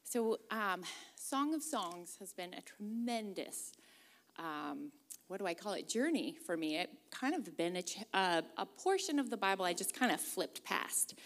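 A woman from the Pacific Northwest preaching a sermon, earnest and leading the congregation in reading along. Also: medium pitch. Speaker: guest preacher.

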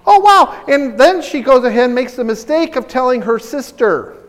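A high-pitched male pastor delivers a lively sermon in a church sanctuary. He talks with excitable energy and often restarts his sentences. A long hall reverb trails after his voice. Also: moderate pace. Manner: animated, excitable preaching with many restarts.

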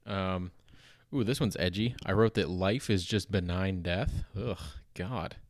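A low-pitched young Canadian man, speaking a little slowly in a Canadian accent, hosts a comedy podcast. He wanders through old notes in a casual, rambling monologue, full of fillers, restarts and digs at himself. The studio-quality audio has no echo.

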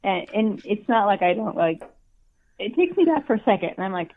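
A woman's voice: mid-range voice, big pitch swings, fairly quick. A woman guest in a casual podcast chat, rambling with a wry, self-deprecating manner over a phone call. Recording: tinny dry phone line.

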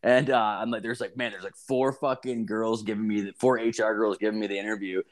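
A man's voice: fairly low pitch, fairly even intonation, fairly quick. Swearing man telling rambling stories. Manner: swears constantly, laughs often, rambling storyteller. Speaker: podcast co-host. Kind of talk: casual podcast chat.

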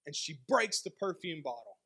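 A male pastor giving a sermon, telling a personal story in a conversational, animated way. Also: a little high, normal speed, vocal fry, husky. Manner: conversational storytelling with lively dynamic swings.

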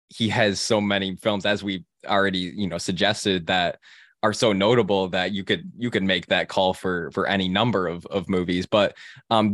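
Young male host, deep voice, halting casual talk, dry mic. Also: a bit bright, no room sound. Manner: halting, many restarts and fillers. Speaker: film podcast host. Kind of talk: casual film discussion.

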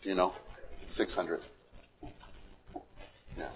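A man's voice: on the low side, measured pace, pauses often, breathy edge, poor audio. A man preaching a sermon, quizzing the congregation and retelling stories with animation. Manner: questions to the congregation, animated storytelling.

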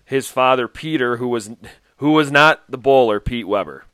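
A man's voice: mid-range voice, moderate pace, a bit bright, clean tone, no echo, clean studio sound. A man hosting a casual podcast chat, rambling and laughing as he recaps a reality show. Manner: chatty, rambling, laughs often, restarts a lot. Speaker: podcast host.

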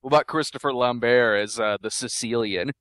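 A man's voice: mid-range voice, brisk, fairly bright tone, clear, resonant tone, dry recording, clean studio sound. A man co-hosting a podcast, chatting casually about movies, laughing often and hedging with many likes. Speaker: podcast co-host.

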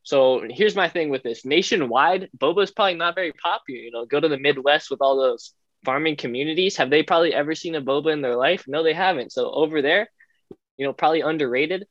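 A young man from California, co-hosting a podcast with measured, mock-formal reasoning. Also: a little high, a bit bright, dry recording. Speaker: podcast co-host. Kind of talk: casual chat. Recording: dull lo-fi mic.

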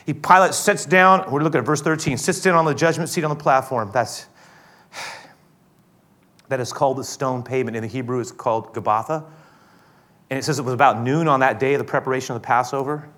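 Bright-voiced preacher telling a dramatic story. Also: male voice, mid-range voice, steady tone, brisk. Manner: dramatic storytelling that swings between loud and hushed. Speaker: pastor. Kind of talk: sermon.

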